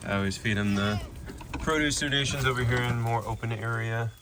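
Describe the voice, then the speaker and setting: Male sanctuary keeper, mid-pitched, casual vlog delivery, slips into cooing baby talk with the animals; faint outdoor hiss. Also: fairly quick.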